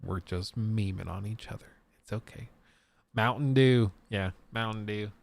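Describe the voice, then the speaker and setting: A man's voice: on the low side, unhurried, gravelly. A man in his thirties from the US South with a faint Colorado accent, chatting casually on a live stream, rambling and restarting sentences. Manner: rambling, self-interrupting, reads chat aloud. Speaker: streamer host.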